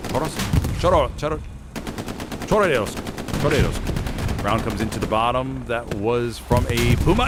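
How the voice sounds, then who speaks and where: A man doing live play-by-play commentary on a competitive shooter match, lively and prone to sudden exclamations. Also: medium pitch, very noisy. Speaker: competitive game caster. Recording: game gunfire and artillery clearly heard behind. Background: game gunfire and explosions.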